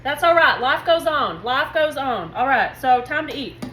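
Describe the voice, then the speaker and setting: A woman's voice: high voice, animated, normal speed, a bit bright, a little hiss or hum. Chatty woman cooking in an echoey kitchen. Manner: chatty, folksy, talks straight to viewers. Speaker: home cooking channel host. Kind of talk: casual cooking demo chat. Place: home kitchen. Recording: echoey kitchen with faint ambience.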